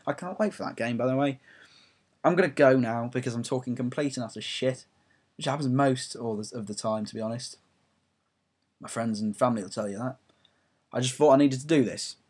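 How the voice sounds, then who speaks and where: A man's voice: mid-range voice, a little fast, long pauses, darkish tone, breathy edge. Rambling, swearing young English man. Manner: swearing, rambling, self-mocking. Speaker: football fan blogger. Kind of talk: ranting audio blog.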